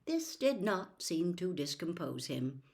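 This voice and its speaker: Slow, deliberate female audiobook narrator, lower pitch. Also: big pitch swings, darkish tone. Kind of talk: audiobook reading.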